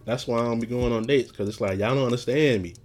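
A man hosting a podcast, telling stories in a casual, rambling monologue, often laughing and getting loud and animated when retelling something that angered him. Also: mid-range voice, fast talker, soft background music. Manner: rambling, laughs often, frequent "you know what I'm saying".

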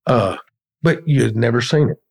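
Guest, 50s, husky and blunt, mid-pitched, curses freely. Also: male voice, moderate pace, a little mellow. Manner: blunt, profane storyteller. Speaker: guest, masonry business owner. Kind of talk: casual storytelling.

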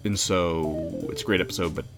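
A man with a very low voice co-hosts a casual podcast. He talks in a relaxed, chatty way and laughs easily. Music plays clearly beneath the conversation. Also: a little fast. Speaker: podcast co-host.

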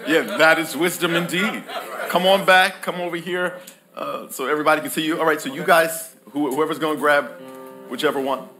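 A man's voice: a little high, fairly even intonation, brisk, music in the background. A preacher man in his thirties or forties giving a playful sermon, joking with his congregation and calling for their responses. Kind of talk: lively sermon with audience call-and-response. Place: church hall with live congregation.

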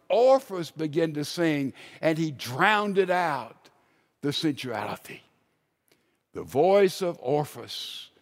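A man preaching a sermon, telling stories and dropping from loud emphasis to a hushed voice. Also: a little high. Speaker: pastor.

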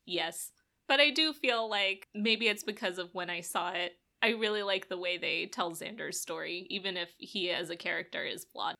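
Bright-voiced woman co-hosting a chat. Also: fairly low pitch, normal speed, gravelly. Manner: thoughtful, conversational, laughs easily. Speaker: podcast co-host. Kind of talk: casual chat.

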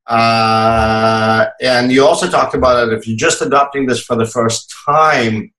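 A man from Russia with a Russian accent hosts a casual podcast and pushes back with teasing, provocative questions. His voice is mid-pitched and sounds roomy, with echo around it. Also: steady tone, unhurried, a bit bright. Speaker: podcast host.

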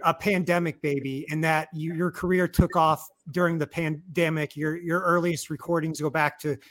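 Man, host, high voice, rambling, restarting questions. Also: steady tone, normal speed, a bit bright. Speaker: interview host. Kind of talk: casual interview.

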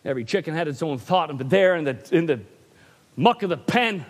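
A man preaching a sermon in church, animated and often asking for an "Amen". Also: a little high, a little fast.

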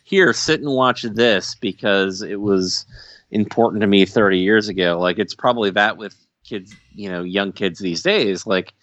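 A man's voice: deep voice, steady tone, moderate pace, fairly bright tone, no echo, highs cut off. A man co-hosting a podcast in casual chat, rambling and self-deprecating, with lots of restarts. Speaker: podcast co-host. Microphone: podcast microphone.

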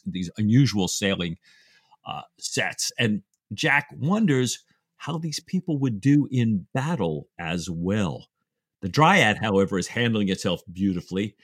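Man, podcast co-host, relaxed recapper, slightly low voice, dry close mic. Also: breathy edge, dry recording. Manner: easygoing, self-deprecating, recapping the plot. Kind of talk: casual book discussion.

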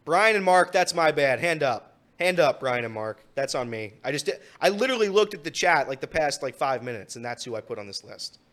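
A man's voice: a little high, lively intonation, a little fast, few pauses, a bit bright. A man co-hosting a casual sports radio show, joking and teasing with a laugh in his voice. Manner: teasing and jokey, laughing often. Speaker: radio co-host and producer.

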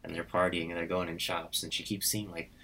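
A low-pitched man with a bright, forward tone chats loosely through a story he made up. His talk rambles and fills with "like" as he slips into the characters' lines. Faint noise sits under the recording. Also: level tone, fairly quick. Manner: rambling, full of "like" and quoted voices. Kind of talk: casual chat, retelling a story.

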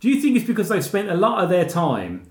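Animated man in an echoey room. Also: sits high, a little fast. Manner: animated, acts out scenes with laughing. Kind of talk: casual film chat.

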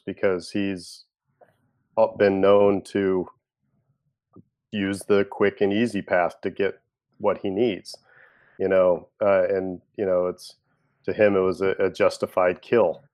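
A man's voice: low-pitched, darkish tone. A man co-hosting a casual podcast chat, musing aloud with many fillers. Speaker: podcast co-host.

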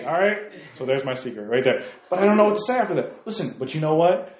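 Male pastor, slightly high voice, chatty sermon delivery, dull lo-fi sound in a roomy church. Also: animated, fast, hardly any pauses, a little mellow. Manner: conversational, asks the congregation questions.

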